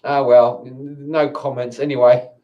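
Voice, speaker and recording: A man's voice: medium pitch, little pitch movement, a little slow, lo-fi sound. Angry, stammering man ranting. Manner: angry, swearing, stammering restarts. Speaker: vlogger.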